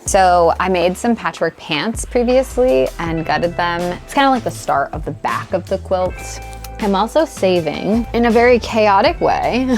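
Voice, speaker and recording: Chatty woman in a tiny art studio. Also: lowish voice. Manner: chatty, rambling, with frequent "like" fillers. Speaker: artist and channel host. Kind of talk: casual chatty studio tour vlog. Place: small tiny-house art studio, indoors.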